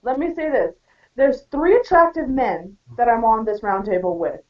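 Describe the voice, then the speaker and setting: A woman's voice: fairly high pitch, moderate pace, far from the mic. Blunt woman talking off-mic, lo-fi. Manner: blunt, outspoken, rambling. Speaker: round table panelist. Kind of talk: casual panel chat. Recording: dull lo-fi audio from off-mic.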